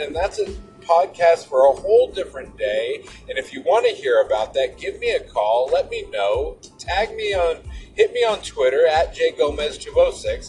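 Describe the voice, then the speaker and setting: A man's voice: fairly high pitch, distant mic, poor audio. A middle-aged man hosting a podcast, telling a personal story and reflecting on faith in an earnest, emphatic way. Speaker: podcast host.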